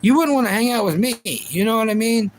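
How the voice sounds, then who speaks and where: A man's voice: sits high, expressive, a little fast, low-quality recording. A young man hosting a livestream, chatting casually and playfully about anime and reacting to his viewers. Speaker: livestream host.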